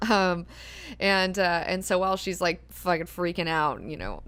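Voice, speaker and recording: A woman's voice: fairly low pitch, lively intonation, a little slow, a bit bright, clean tone. A woman hosting a book club, talking casually, swearing freely and acting out characters' lines as she goes.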